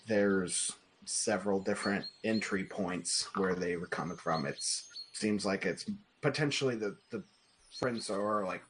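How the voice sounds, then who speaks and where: A man narrating as game master in a casual, loosely improvised way, full of fillers, with faint noise behind. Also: on the low side.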